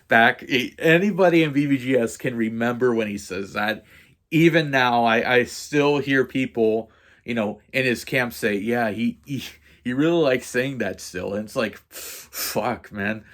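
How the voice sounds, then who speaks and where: A man's voice: medium pitch, unhurried, fairly bright tone. A man vlogging as he tells a story in a rambling, profane rant, full of fillers and restarts.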